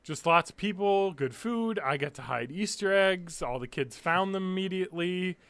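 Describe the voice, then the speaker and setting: A man's voice: high-pitched, animated, moderate pace, fairly bright tone. A young man co-hosting a podcast, chatting casually and telling loose, profane stories. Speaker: podcast co-host. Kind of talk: casual chat.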